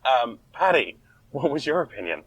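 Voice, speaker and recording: A man co-hosting a casual podcast chat, animated and sweary, acting out quotes in mocking voices. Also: medium pitch, moderate pace, breathy edge, dry recording, low-quality recording. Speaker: podcast co-host.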